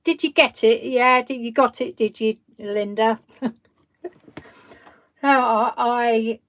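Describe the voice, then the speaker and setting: A woman's voice: on the high side, measured pace, a bit bright. A woman, hosting a craft live stream in a chatty, rambling way, laughing often. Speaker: craft channel host. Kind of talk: casual live-stream chat.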